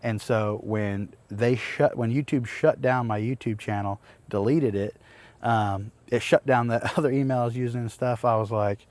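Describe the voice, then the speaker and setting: A man's voice: mid-range voice, fairly even intonation, moderate pace, darkish tone, dry recording. A man, possibly in his thirties, casually telling a personal story to the camera as a homesteading vlogger, rambling and restarting as he relives an exasperating ordeal. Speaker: homesteading YouTuber.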